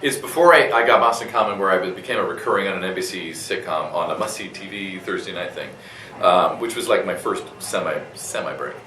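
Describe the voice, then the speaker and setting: A male voice actor, a guest at a convention interview, telling a story in a lively way, full of fillers, restarts and laughter. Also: low voice, fairly quick, roomy sound, distant mic, poor audio. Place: convention room.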